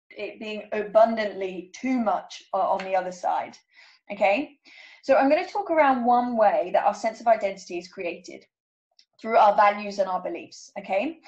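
Higher-voiced woman coach, muffled lo-fi sound. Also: a little mellow. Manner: checks in with frequent "okay?"; reads out numbered statements. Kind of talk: workshop talk.

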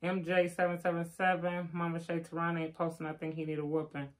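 A woman's voice: fairly low pitch, monotone, brisk. An older woman, chatting casually on a live stream and reading out viewer names with teasing asides. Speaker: vlogger giving live shout-outs.

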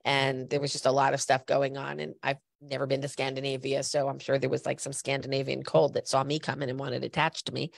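Stuffy woman host w a cold, gravelly low voice, chatty storytelling. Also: monotone, fairly quick, few pauses, dry recording. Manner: chatty storyteller, direct appeals to listeners. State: has a cold, a little stuffy. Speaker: podcast host. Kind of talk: conversational podcast talk.

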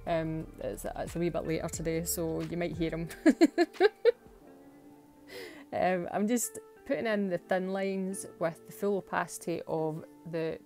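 A woman's voice: lowish voice, lively intonation, unhurried, mellow, soft background music. A Scottish woman chatting through a home voice-over for her nail art videos, self-mocking and laughing often. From Scotland. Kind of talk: casual voice-over narration.

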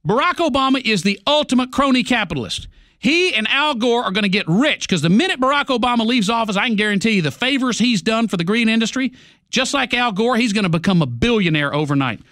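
Male radio host, combative ranter, high pitch, dry close sound. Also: expressive, quick pace, pushed and bright, dry recording. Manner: angry, sarcastic, combative. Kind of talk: political rant.

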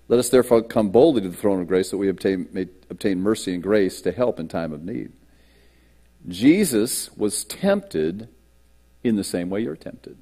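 An American pastor delivers a sermon at a church service, reading scripture and preaching with dramatic swings in his voice. His voice sits lowish and is a little mellow.

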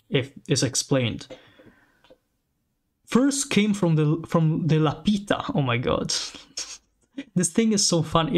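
A man who is a native Italian speaker, hosting a channel and casually commenting on a map while reading its lore aloud, rambling, correcting himself and sounding amused. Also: on the high side. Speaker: channel host.

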